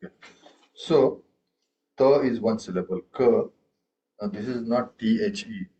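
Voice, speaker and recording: A man's voice: on the low side, unhurried, mellow. Patient man teaching tabla syllables. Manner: patient, repeats "okay" and "right?", chants syllables aloud. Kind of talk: classroom music lesson. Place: room with students.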